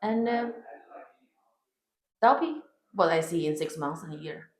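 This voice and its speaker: A woman's voice: low voice, expressive, unhurried, a little mellow, reverberant, rough recording. A woman comedian whose first language is Chinese, speaking with a Chinese accent and answering interview questions bluntly and emphatically. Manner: blunt and emphatic, swears freely.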